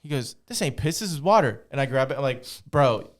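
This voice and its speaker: A man's voice: mid-range voice, fairly quick. A young man in casual podcast chat, telling a story with lots of swearing and acting out what people said. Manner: animated storyteller, swears a lot, acts out quoted lines. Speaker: podcast host.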